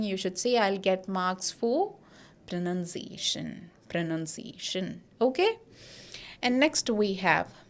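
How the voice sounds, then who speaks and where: A woman teaching pronunciation, explaining in a slow, deliberate classroom manner and often checking in with "okay?" and "got it?". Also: medium pitch.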